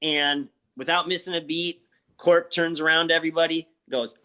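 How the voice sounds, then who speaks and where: A wrestler guest in his forties from the Chicago area talks in a slightly high, bright, smooth voice that is forceful yet steady, at a moderate pace. During a casual interview he tells profane stories punctuated by laughter.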